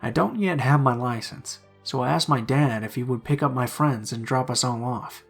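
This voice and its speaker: A man reading true horror stories aloud in a hushed, suspenseful narrating voice. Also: mid-range voice, normal speed, gravelly, slightly rough, faint music behind.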